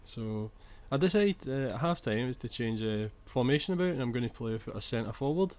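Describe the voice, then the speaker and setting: A man's voice: mid-range voice, animated, a little fast, darkish tone. A young man commentating over his own football video game footage, chatty, restarting sentences and swearing when annoyed. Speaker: gaming commentator.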